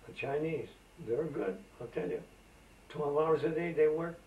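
A Macedonian man in his eighties reminisces in an oral history interview, telling rambling anecdotes full of fillers, captured from a distance on roomy tape. His voice is on the high side and unhurried, with narrow, tinny audio and slight background noise.

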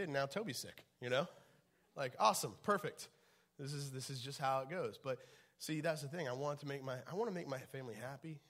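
A pastor with a medium-pitched voice delivers a casual, conversational sermon. He's chatty and full of fillers and restarts, and his loudness rises and falls a lot.

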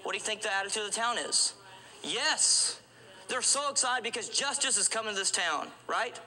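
High, bright-voiced urgent male preacher. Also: normal speed, poor audio. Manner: urgent, repetitive, restarts often, asks rhetorical questions. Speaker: street evangelist preacher. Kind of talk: evangelistic sermon.

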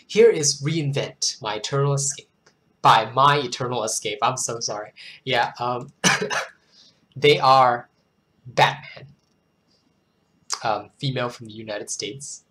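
Hoarse poetry reader with chatty asides. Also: medium pitch, slow pace, long pauses. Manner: expressive, theatrical recitation, then chatty and self-deprecating. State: hoarse, worn-out throat. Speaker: channel host reading viewers' poems. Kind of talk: dramatic poetry reading with casual asides.

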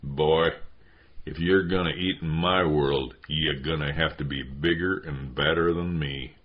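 A man's voice: very deep voice, steady tone, a little slow, dull audio. A man reading the part of a drunken, brutal father who slurs his words and taunts his son. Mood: taunting. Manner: slurred taunting. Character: drunken brutal adult father, slurring and mocking.

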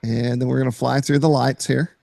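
Gravelly guy co-hosting, dry close mic, talks excitedly about his clips. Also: medium pitch, fairly quick, no room sound. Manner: enthusiastic, talks over video clips. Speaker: co-host. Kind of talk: casual chat.

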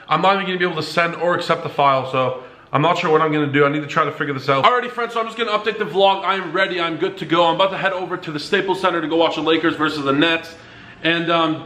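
Fast-talking excitable male vlogger. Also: fairly high pitch. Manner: excitable, quick-talking, chatty complaining. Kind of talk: casual vlog to camera. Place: apartment indoors. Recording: echoey room.

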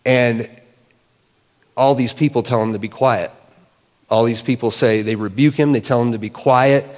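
A man giving a sermon as a guest pastor, telling a story in a relaxed, conversational way with casual fillers. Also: medium pitch, moderate pace, long reverb tail. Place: church sanctuary.

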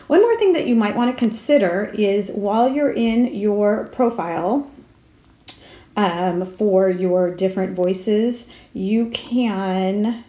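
A woman's voice: mid-range voice, warm tone, reverberant. Woman talking through an app tutorial. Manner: talks herself through each step, with fillers. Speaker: speech therapist. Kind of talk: screen-recorded app tutorial.

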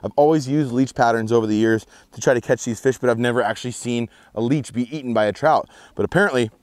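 A man hosting an outdoor fishing vlog from a boat on a lake, explaining casting tips and getting excited over his catches. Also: mid-range voice, fast talker, dry recording. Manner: excitable, whoops and shouts when fish jump.

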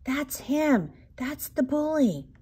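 A woman's voice: high voice, very animated, takes it slowly, mellow, voice pushed up, full character voice. A woman voicing a timid boy raccoon cub. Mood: scared. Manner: pleading, worried.

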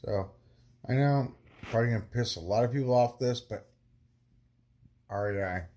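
A man's voice: mid-range voice, moderate pace, mellow. Fed-up man ranting to camera. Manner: ranting, annoyed and tired, swears then apologizes. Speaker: long-distance hiker vlogger. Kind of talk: casual vlog to camera.

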